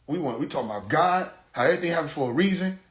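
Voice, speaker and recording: A man telling a story on a live stream, animated and profane, who laughs often and mimics siren sounds. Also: fairly high pitch, racing, echoey room. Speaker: livestream host. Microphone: phone.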